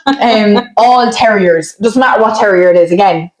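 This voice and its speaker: A woman's voice: medium pitch, moderate pace. A young Irish woman co-hosting a podcast in casual chat, frank and joking as she leads the segments. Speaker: podcast co-host. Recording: roomy with faint background noise.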